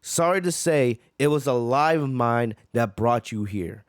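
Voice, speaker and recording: A man voicing an old alien man confessing a long-kept lie, speaking lower and graver. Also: animated, measured pace, no room sound, studio quality, natural voice. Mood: grave.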